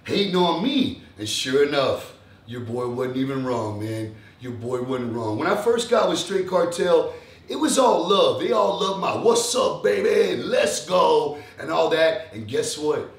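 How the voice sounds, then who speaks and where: A young man from Texas rants at his viewers with heavy profanity, jumping into mocking voices. His voice sits a little high and sounds roomy and a bit off the mic. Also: measured pace, distant mic. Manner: animated, profane, mimics others in mocking voices. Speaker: fitness vlogger. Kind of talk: casual ranting monologue.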